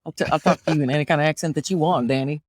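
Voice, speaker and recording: A woman's voice: sits low, very fast, darkish tone, dry recording, studio quality, voice pushed down. A woman doing a brash Southern drawl. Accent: put-on Southern US.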